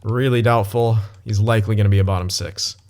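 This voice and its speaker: A young man with a fairly low voice talks through his video game session, thinking out loud in a loose, casual way. He swears freely and breaks into sudden excited outbursts. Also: a little fast. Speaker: gaming channel host. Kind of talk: casual gameplay commentary.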